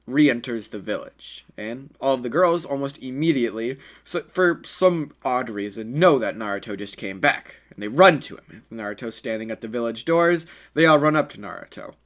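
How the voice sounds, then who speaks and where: A man's voice: medium pitch, lively intonation, moderate pace, few pauses, a bit bright. A man telling an improvised fan story in a casual, rambling way, with many fillers and self-corrections.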